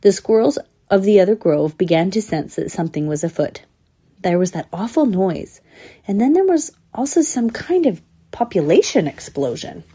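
A woman's voice: lowish voice, moderate pace, husky. A woman narrating a storybook, giving each character its own voice. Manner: lively, voicing each squirrel.

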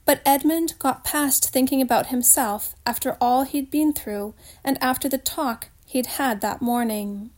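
A woman narrates a storybook aloud, steady and expressive. Her voice sits a little high. She reads with even care. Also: a little slow, few pauses.

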